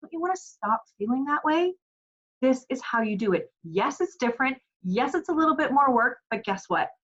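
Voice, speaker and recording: A woman's voice: high-pitched, expressive, normal speed, a bit bright, lo-fi sound. A woman in her forties giving parenting advice as a coach, earnest and encouraging, often asking rhetorical questions. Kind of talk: direct-to-camera parenting advice.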